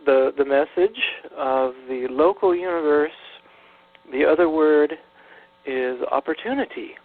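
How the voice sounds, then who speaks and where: A man talks earnestly as a radio interview guest, stumbling through fillers and restarts. His voice sits fairly high. It reaches us through a tinny phone line with a low hum under it. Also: a little slow, soft background music. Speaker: guest minister.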